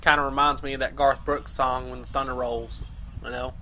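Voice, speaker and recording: A man's voice: medium pitch, level tone, a little fast, sharp tone, a little hiss or hum. A man playing an online racing game and trolling the other players, taunting and mocking them with laughter. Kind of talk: casual gaming commentary with voice chat.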